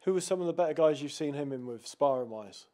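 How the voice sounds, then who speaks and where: A male interviewer with a warm, mellow tone and a slightly high pitch. He asks short questions, sometimes restarting them, and leaves his guest plenty of room to talk. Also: animated, fast talker. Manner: brief prompts with hesitant restarts.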